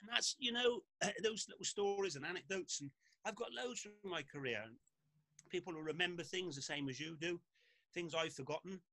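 A man, a former footballer and podcast guest, telling lively anecdotes with frequent laughs in casual talk. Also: high voice, a little fast, no room sound, rough recording.

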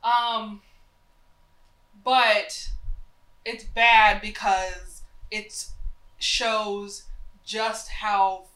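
A woman's voice: medium pitch, steady tone, drawn-out words, pushed and bright, reverberant, poor audio. A young woman from North Carolina co-hosting a casual talk show, rambling and chatty with lots of fillers, her voice nasal from a cold. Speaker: podcast co-host. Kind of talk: casual opinionated chat.

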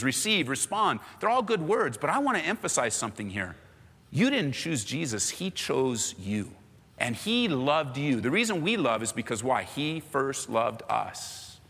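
A man pastor preaching an animated, emphatic sermon, repeating phrases and slipping casual slang into his teaching. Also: medium pitch, big-room sound. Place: church.

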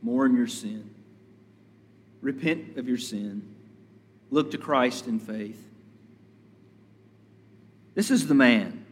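A man preaching a sermon as a pastor, measured and deliberate, building emphasis through repetition. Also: medium pitch, husky, long reverb tail.

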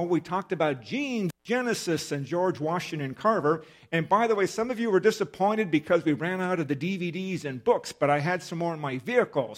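A man giving a folksy, conversational talk as a visiting ministry speaker at a church service, speaking into a microphone and addressing the congregation directly. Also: on the high side. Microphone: microphone at a lectern.

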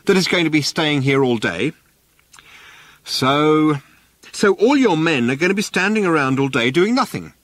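A man voicing a cunning, patient male character who talks an official into things, smooth and persuasive. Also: a little high, animated, moderate pace, a bit bright, no echo, pitched above the performer's own voice. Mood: scheming.

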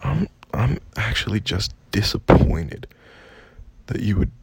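A young man venting in a casual storytime rant, profane and exasperated, with a gravelly, husky voice. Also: fairly low pitch, expressive, slow, slight background noise. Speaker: vlogger.

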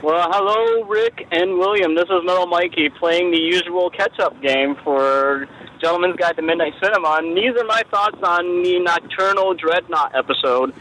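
A man's voice: sits high, normal speed, fairly bright tone, slight background noise, rough recording. A man leaving a rambling, jokey voicemail for a podcast, meandering and self-deprecating as he talks. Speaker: voicemail caller.

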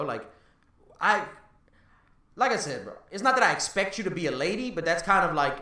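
A man in his thirties in casual podcast chat, talking fast and loose, swearing and tagging lines with "bro" and "right?". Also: sits high, big pitch swings, pushed and bright, echoey room, distant mic. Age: 30s. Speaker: podcast co-host.

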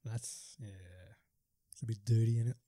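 A young man chatting casually on a podcast, laid-back and playful, quick to hype up his co-host. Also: medium pitch, monotone, warm tone, dry recording, studio quality. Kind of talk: casual chat.

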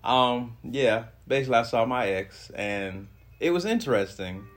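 A man's voice: mid-range voice, normal speed. A man hosting a podcast, telling a story in casual chat, swearing freely and bringing the people in it to life. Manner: animated storyteller, swears a lot, does friends' voices in quotes. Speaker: podcast host.

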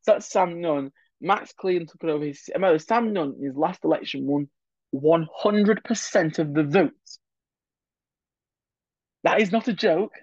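A man's voice: fairly high pitch, normal speed, darkish tone, dry recording, muffled recording. A man hosting a solo political history podcast, chatty and opinionated, with many digressions and asides. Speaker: podcast host.

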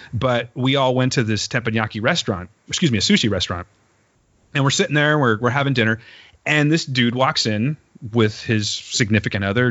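A man tells a story in casual podcast chat, and he is animated, profane and quick to laugh. His voice sits in a middle register. The room sounds dry and the recording is slightly dull. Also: mid-range voice, no room sound.

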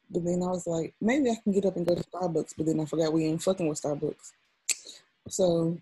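A woman's voice: on the low side, dark tone, slightly rough, low-quality recording. A woman co-hosting a podcast in casual chat, laid-back and joking, swearing casually. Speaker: podcast co-host.

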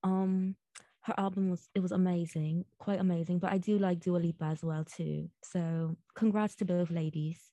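A woman on a casual chat show, speaking softly and hesitantly. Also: fairly low pitch, steady tone, normal speed, no echo. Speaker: show crew member.

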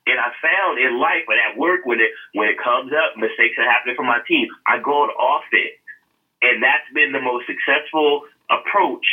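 Male podcast co-host with a sharp, raspy voice, telling his story earnestly and casually over a thin, phone-like line. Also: mid-range voice, normal speed. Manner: earnest storytelling with frequent laughs and fillers.

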